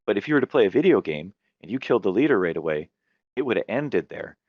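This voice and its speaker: A man with a very low voice recaps his tabletop game in a relaxed, rambling way, stopping now and then to correct himself. The recording is dull and lo-fi, in a dry room with no echo. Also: quick pace. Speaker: game master and podcast host. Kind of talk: casual chat about tabletop games.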